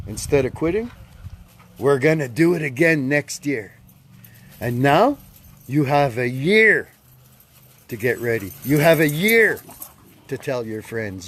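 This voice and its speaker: Man, 50s, group leader, angry and blunt, talks a bit high, faint background noise. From Canada. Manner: blunt, emphatic, repeats his points. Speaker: group leader addressing followers. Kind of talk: self-recorded social media rant.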